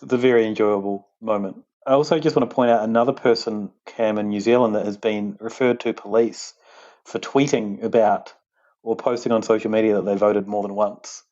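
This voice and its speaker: Male co-host, mellow, slightly lo-fi, playful teasing banter. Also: fairly low pitch, fairly even intonation, a little fast. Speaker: podcast co-host. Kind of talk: casual chat.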